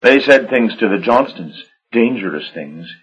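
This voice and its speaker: A man's voice: expressive, unhurried, husky, low-quality recording. A man voicing a frightened young woman vampire, raising his voice into an anxious, pleading tone. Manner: anxious, pleading, higher strained voice.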